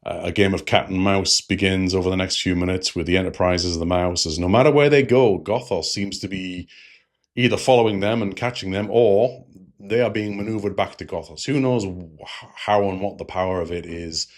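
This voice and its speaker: Man, low pitch, casual rambling recap, digressive, host. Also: moderate pace. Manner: rambling and digressive, with frequent fillers. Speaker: host of a TV episode review channel.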